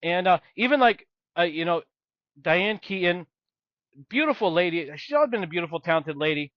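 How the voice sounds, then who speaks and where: A man's voice: sits high, lively intonation, fairly quick, dry recording, dull audio. A man co-hosting a podcast, rambling and blunt as he chats about films. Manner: rambling, emphatic, blunt complaints. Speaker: podcast co-host. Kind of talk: casual film discussion.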